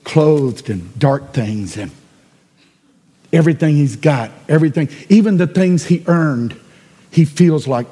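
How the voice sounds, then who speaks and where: A man preaches a sermon with a high, swooping voice. He drawls slowly and hammers his points through repetition and sudden loud cries. His words ring out with a long church-hall reverb. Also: expressive, slightly rough. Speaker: pastor.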